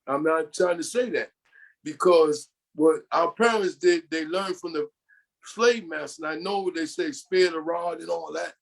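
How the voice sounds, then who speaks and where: An older man from New York speaks as a podcast guest with a somewhat high voice. He rambles through personal stories and keeps slipping into quotes of what others told him. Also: unhurried, gravelly. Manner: rambling, often quoting others. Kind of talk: storytelling in an interview.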